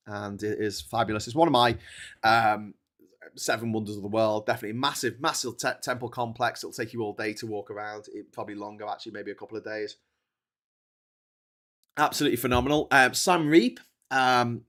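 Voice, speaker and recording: A man hosting a livestream, telling a rambling travel story in a chatty way. He often breaks off mid-sentence and laughs at his own story. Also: medium pitch. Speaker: livestream host.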